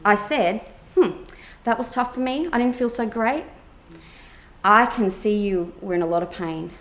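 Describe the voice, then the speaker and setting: Woman therapist, keynote speaker, animated storyteller who acts out dialogue, casual with fillers, middle-range voice. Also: medium pitch, measured pace. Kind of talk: conference keynote talk, personal storytelling.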